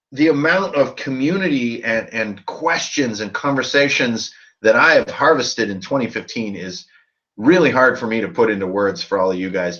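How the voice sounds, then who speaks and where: A man's voice: fairly low pitch, a bit bright. A man hosting a live stream about tabletop role-playing games, tipsy from drinking and talking in a loose, profane, rambling way. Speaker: host of a tabletop RPG channel. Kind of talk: casual live-stream chat. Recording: dull lo-fi sound.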